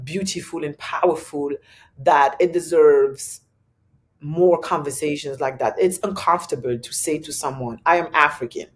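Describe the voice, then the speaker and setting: A woman with a French accent from Belgium, talking as a guest in a casual interview, animated and laughing often. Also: unhurried. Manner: animated, laughs often, pitch jumps when excited.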